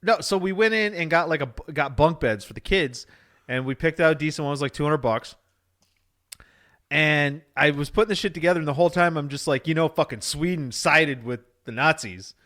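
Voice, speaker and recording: Male podcast co-host, slightly high voice, crude and rambling jokes. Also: brisk, a bit bright. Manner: profane, rambling, jokey rants. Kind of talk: casual chat.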